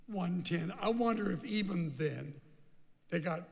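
A man's voice: high voice, expressive, unhurried, vocal fry, big-room sound. A man preaching a sermon as pastor, emphatic and repeating phrases for stress.

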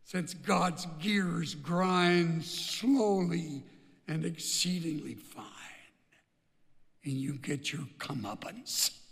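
Pastor, male, gravelly and high, measured delivery, echo of a big sanctuary. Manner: emphatic, repeats phrases for stress. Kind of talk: sermon.

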